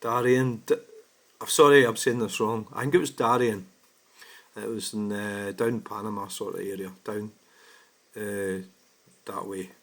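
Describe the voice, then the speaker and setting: A man's voice: fairly low pitch, fairly bright tone. A Scottish man giving blunt, exasperated casual commentary on comments he has received, swearing freely. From Scotland. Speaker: vlogger.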